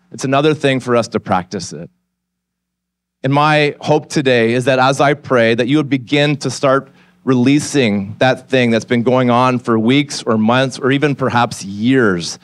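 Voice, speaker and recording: A man in his forties, a pastor, delivers a sermon from a church stage in a typical mid-range male voice. He shares his story candidly and conversationally before shifting into an earnest appeal, and the recording is close and dry with hardly any room echo.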